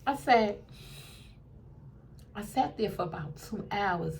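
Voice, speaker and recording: A young adult woman telling a dating story in a casual, animated way, acting out what people said in a lowered voice. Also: slow pace, gravelly, slight background noise.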